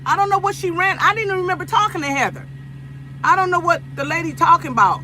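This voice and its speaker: A woman's voice: extremely high pitch, fast talker, bright, forceful tone, a little hiss or hum, rough recording. A woman from Los Angeles chatting casually with viewers on a phone livestream, repeating herself and laughing often. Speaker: livestream host.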